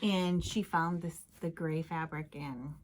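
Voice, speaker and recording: A woman's voice: sits low, steady tone, slow pace, a little hiss or hum. A woman from Minnesota with a Minnesota accent, co-hosting a casual craft chat and chiming in agreeably. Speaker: co-host. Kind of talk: casual chat about cross-stitch.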